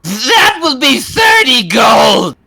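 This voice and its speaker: A man voicing a shrill cunning old witch. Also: huge pitch swings, extremely slow, creaky, bright, forceful tone, heavily acted. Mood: shrieking demand. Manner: screeching, sly and wheedling.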